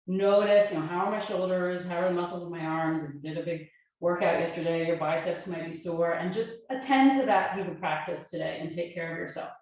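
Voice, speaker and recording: A woman yoga teacher calmly talking a class through breaths and poses, with gentle step-by-step cues. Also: on the low side, brisk. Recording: very echoey room.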